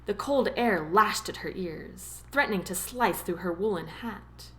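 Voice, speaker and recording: A woman narrating a romance novel as an audiobook, with expressive storytelling. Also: medium pitch, measured pace. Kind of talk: scripted narration.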